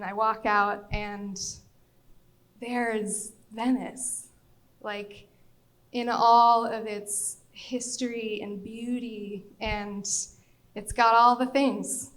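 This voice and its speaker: Young female storyteller, animated delivery, voices the other people in her tale, a bit high-pitched. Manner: lively, animated, acts out quoted voices. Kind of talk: live storytelling on stage.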